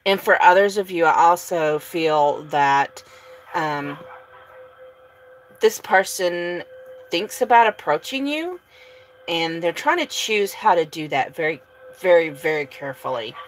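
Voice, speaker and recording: A woman giving a casual tarot reading, relaxed and sleepy, with many fillers and soft laughs. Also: on the low side, measured pace, a little hiss or hum, rough recording. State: sleepy, yawning. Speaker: tarot reader.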